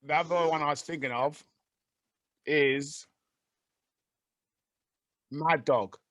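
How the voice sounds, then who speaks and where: A man co-hosting a podcast, chiming in loudly and eagerly with questions. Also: a little high, takes it slowly, no echo, clean studio sound. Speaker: podcast co-host. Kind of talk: casual chat.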